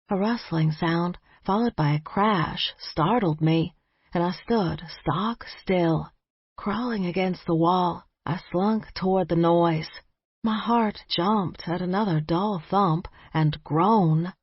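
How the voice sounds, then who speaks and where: A woman narrating a cozy mystery audiobook in the first person, measured and wry. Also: fairly low pitch, no echo, lo-fi sound.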